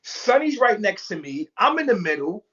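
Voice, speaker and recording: A man's voice: high voice, sing-song, moderate pace, a bit bright, lo-fi sound. A man telling a story in casual talk, acting out every quote with big jumps in his voice and swearing freely. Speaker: storyteller guest. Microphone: remote call mic.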